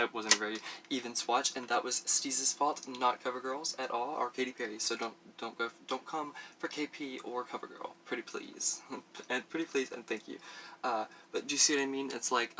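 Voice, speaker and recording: A talkative man hosting a casual beauty vlog, reviewing makeup as he applies it at home. His voice is bright and forward, at an ordinary middle pitch for a man. He rambles and circles back often, with plenty of fillers and little laughs. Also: steady tone, a little fast, a little hiss or hum. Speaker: beauty vlogger.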